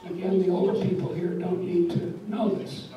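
A woman's voice: lowish voice, flat delivery, moderate pace, dull audio. An older woman giving a public lecture, wry and emphatic, telling stories and jokes. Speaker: guest lecturer. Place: lecture hall. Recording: echoey lecture hall from far off.

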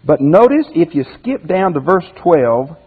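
A man's voice: fairly high pitch, sing-song, a little slow, breathy edge, long reverb tail, narrow, tinny audio. A man teaching a Bible commentary lesson as a pastor in a folksy way, asking his listeners rhetorical questions.

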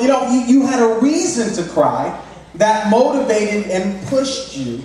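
Male pastor, slightly high voice, chatty halting sermon, booming echoey sanctuary, mic set back. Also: sing-song, darkish tone. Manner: conversational, halting with many restarts and fillers. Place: church sanctuary. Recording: very echoey room, mic at a distance.

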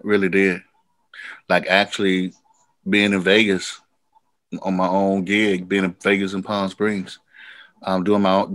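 A man who is a singer-songwriter guest, telling animated, rambling stories in a casual interview. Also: sits low, no echo. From United States.

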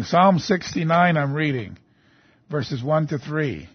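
A man's voice: on the high side, expressive, unhurried, slightly rough, no room sound, lo-fi sound. A man preaching a sermon, reading scripture aloud and rising into emphatic outbursts.

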